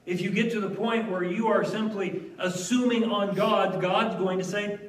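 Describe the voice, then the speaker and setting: A man's voice: sits high, fairly even intonation, moderate pace. A man preaching a sermon in a church, earnest and emphatic, with wry asides. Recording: echoey room, voice from a distance.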